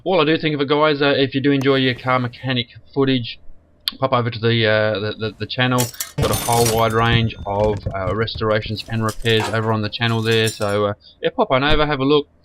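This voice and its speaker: A man with a croaky, sniffly voice from a cold, giving rambling commentary on a car mechanic game as the channel's host. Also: medium pitch, steady tone, brisk. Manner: rambling, repeats and restarts words. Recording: noisy background.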